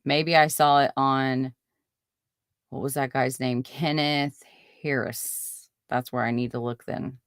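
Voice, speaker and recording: A woman with a low voice hosts a casual live stream, chatting with her viewers. She reads their comments aloud and reacts with indignation. The recording is dry and close, with no room sound. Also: steady tone, slow pace, clear, resonant tone, no room sound. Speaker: podcast host.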